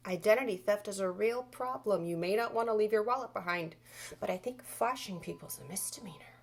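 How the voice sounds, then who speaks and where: A young adult woman telling a comic story, swinging between whispers and loud bursts with exaggerated delivery. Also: medium pitch, a little fast. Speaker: comedian storyteller.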